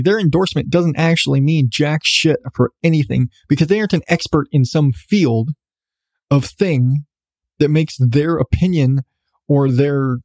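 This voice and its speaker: A man's voice: a little high, dark tone, dry recording, studio quality. Sarcastic, profane podcast host man. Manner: profane, sarcastic ranting with laughs. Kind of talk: solo podcast commentary.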